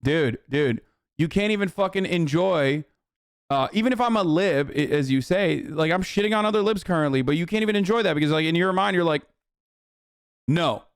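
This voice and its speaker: A male streamer rambling through live political commentary in a smooth, clear voice that sits a bit high for a man. The sound is dry and close. He swears a lot and hammers his points home. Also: a little fast, no echo. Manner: profane, rambling, emphatic.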